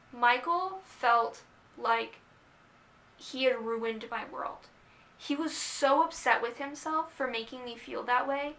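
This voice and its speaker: A young woman casually telling the story of how she started dating, chatty and animated, quoting herself and others as she goes. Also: sits high. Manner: chatty, animated retelling with quoted asides. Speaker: vlogger.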